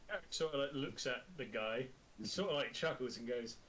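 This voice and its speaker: A man's voice: medium pitch, normal speed, fairly bright tone, low-quality recording. Man, tabletop player, casual, faint background hiss. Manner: casual, describes actions with "sort of, like". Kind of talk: tabletop role-play, in character.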